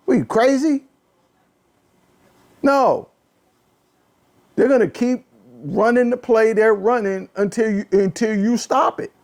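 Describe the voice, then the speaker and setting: A man hosting a casual political talk show, ranting in an animated, exasperated way, often repeating phrases and swinging from low muttering to a raised voice. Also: slow, pauses often. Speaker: podcast host. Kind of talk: casual political commentary rant.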